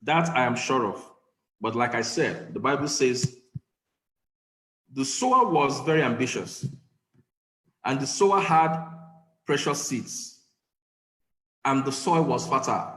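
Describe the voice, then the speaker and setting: A man hosting an online meeting over a video call, thanking the guest warmly and leading the group. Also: medium pitch, expressive, measured pace, long pauses. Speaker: meeting host. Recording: echoey room with faint noise.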